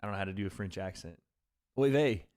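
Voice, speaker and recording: A man's voice: lowish voice, a little mellow. Joking man streaming fight commentary. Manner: joking, rambling, quick reactions. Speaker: livestream host reading chat. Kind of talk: casual live commentary on fights.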